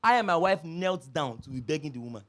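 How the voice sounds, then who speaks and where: Pastor preaching, high voice, tells stories and repeats himself a lot. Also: male voice, fast talker. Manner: animated storytelling, repeats phrases, laughs often. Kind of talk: sermon.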